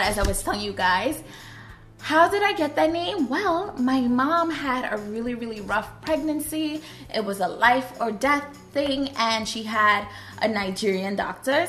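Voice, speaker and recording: A woman from Trinidad and Tobago chatting casually to her viewers in a vlog, animated and lively. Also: on the high side. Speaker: YouTuber. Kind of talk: casual vlog chat to camera.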